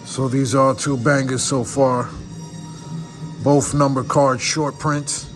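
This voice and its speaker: A man's voice: mid-range voice, a bit bright. A man opening trading card packs on camera, awestruck and repeating exclamations of wonder. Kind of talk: excited unboxing commentary. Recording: background music.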